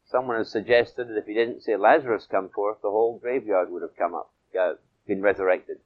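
A man preaching a sermon, swinging from loud emphatic peaks to soft low asides and stretching key phrases. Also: fairly quick, phone-quality sound.

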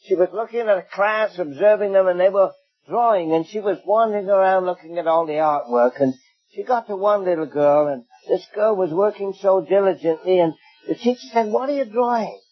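Older English preacher with a high, husky voice. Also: male voice, fairly quick, muffled recording. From England. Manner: anecdotal, gently humorous. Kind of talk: sermon.

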